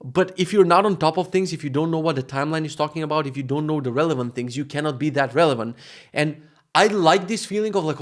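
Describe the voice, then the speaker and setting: Male podcast host, thirties, Eastern European accent, quick and slightly high, casual, profane, rambling. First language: Macedonian. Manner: rambling, profane, self-interrupting. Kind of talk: casual solo podcast monologue.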